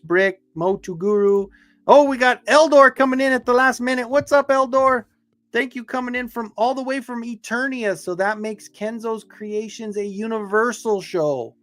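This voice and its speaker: A middle-aged man from Southern Colorado with a Southern Colorado accent, rambling and swearing cheerfully as he hosts a casual live stream. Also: high voice. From Southern Colorado, USA. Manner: rambling, chatty, profane, upbeat. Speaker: livestream host.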